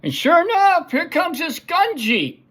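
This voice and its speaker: A middle-aged man casually telling an old army story, acting out gunfire sounds and shouts. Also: very high voice, unhurried. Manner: animated, makes gunfire sound effects and acts out shouts. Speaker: show host telling a story.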